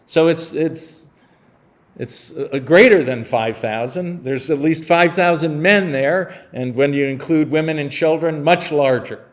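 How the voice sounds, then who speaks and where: A man's voice: fairly high pitch, measured pace. A man preaching a sermon as pastor, explaining a Bible passage in a casual, conversational way and acting out scenes with humor.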